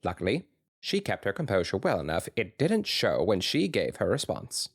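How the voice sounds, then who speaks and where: A man's voice: fairly low pitch, huge pitch swings, moderate pace, vocal fry, slightly rough, dry recording. A podcast co-host man reading fanfiction aloud with a dry, wry narration.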